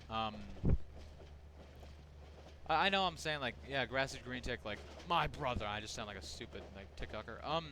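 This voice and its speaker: A man's voice: medium pitch, background noise. A young man talking loosely over a horror game he is playing, rambling and restarting his sentences with many fillers. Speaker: gaming channel host. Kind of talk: casual gameplay commentary.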